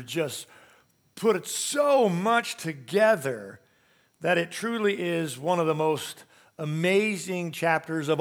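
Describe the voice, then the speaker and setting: A man's voice: a little high, a bit bright. A man preaching a sermon to a congregation in a church, emphatic and conversational, asking rhetorical questions. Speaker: pastor.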